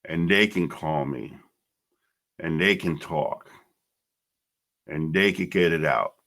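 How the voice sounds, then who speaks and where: A middle-aged man with a very deep, gravelly voice hosts his own podcast. He tells his story in a blunt, emotional monologue and swears freely. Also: slow, fairly bright tone. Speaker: podcast host.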